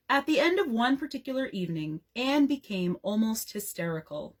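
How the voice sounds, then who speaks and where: A woman's voice: medium pitch, expressive, normal speed, hardly any pauses. A young adult woman, a librarian, reading a bedtime story aloud expressively.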